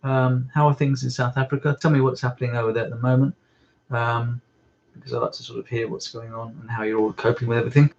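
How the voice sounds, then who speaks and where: Man, mid pitch, hesitant rambling live-stream host at home, dull lo-fi audio. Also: level tone, fast talker, gravelly, darkish tone. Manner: rambling, hesitant, many ums. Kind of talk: casual live-stream chat. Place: at home indoors. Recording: slightly muffled lo-fi stream audio.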